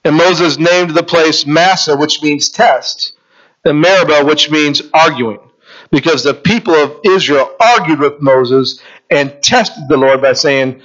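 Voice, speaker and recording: A man's voice: a little high, a little slow, a bit bright, lo-fi sound. A man preaching a sermon as pastor, asking rhetorical questions and reading scripture aloud.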